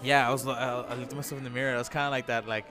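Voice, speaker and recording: A man's voice: mid-range voice, flat delivery, racing. A man talking as a podcast guest in casual chat, laid-back, swearing a lot and laughing at himself.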